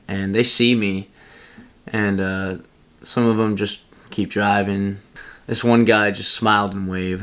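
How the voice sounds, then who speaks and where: Young male vlogger, deep voice, casual rambling storyteller who laughs at himself. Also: a bit bright. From Pennsylvania.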